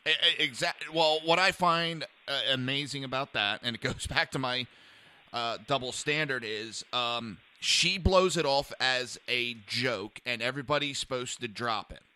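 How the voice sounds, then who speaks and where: A man's voice: mid-range voice, normal speed, pushed and bright, clean tone. A man hosting a political talk podcast, heated and ranting, often stammering as he restarts. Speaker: podcast host.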